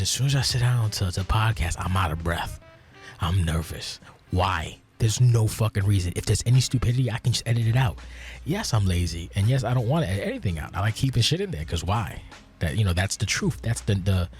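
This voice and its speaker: Male podcast host, lowish voice, profane unscripted rant, faint music bed. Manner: profane, rambling, swings from low mutter to loud exasperation.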